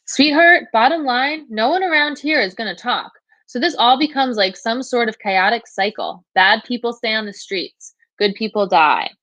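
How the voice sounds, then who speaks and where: A woman's voice: a little high, expressive, moderate pace, a bit bright, dry recording, pitched above the performer's own voice, rough recording. A woman voicing a persuasive woman detective who coaxes a teenage girl. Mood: coaxing. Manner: coaxing, persuasive.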